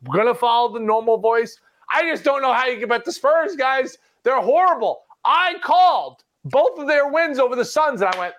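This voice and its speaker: A man on a sports betting panel, telling stories in an animated, self-deprecating way. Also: very high-pitched, normal speed. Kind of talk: casual panel chat.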